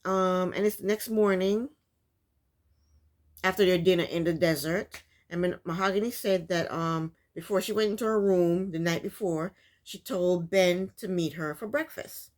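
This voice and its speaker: A woman's voice: on the low side, a little slow. Exasperated woman ranting about a TV show. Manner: loose, full of restarts and fillers. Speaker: reality TV recap vlogger. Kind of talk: casual commentary.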